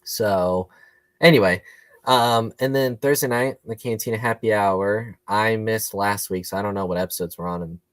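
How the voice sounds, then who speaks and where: Low, dry-voiced male co-host. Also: moderate pace, no room sound. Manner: chatty, rambling with fillers. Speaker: podcast co-host. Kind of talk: casual chat.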